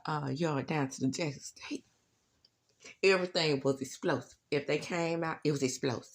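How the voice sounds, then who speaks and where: A woman hosting her own channel, recapping reality TV in a sassy, animated way. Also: sits low, moderate pace. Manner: sassy, animated, says "baby" a lot. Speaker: YouTube recap host.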